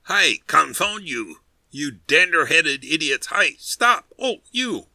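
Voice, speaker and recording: A man reading aloud, voicing an exasperated man in a boat shouting at his friends on the bank to stop. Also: fairly high pitch, very animated, slow, no room sound, pitched above the performer's own voice, heavily acted.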